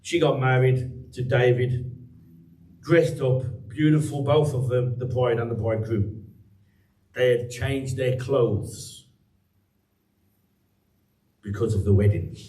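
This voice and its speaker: A man's voice: medium pitch, steady tone, slow, long pauses, dark tone, roomy sound, far from the mic, rough recording. An English man preaching a sermon as pastor, chatty and teasing the congregation by name. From England. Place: church hall.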